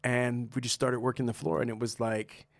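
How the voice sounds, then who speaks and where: A man talks through his past in a loose, conversational interview, breaking into laughter and playing out the voices of people he met. His voice sits at an ordinary middle pitch, and the sound is close and dry with no room around it. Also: moderate pace, creaky, dry recording. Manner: animated, laughs often, acts out quoted dialogue. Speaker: guest, sommelier and restaurateur. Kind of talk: casual storytelling interview.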